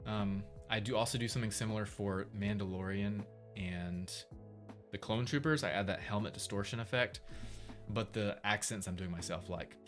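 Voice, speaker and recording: A man streaming his game development, thinking aloud in a relaxed, casual way while he tests things. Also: lowish voice, moderate pace, soft background music. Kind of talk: casual livestream commentary.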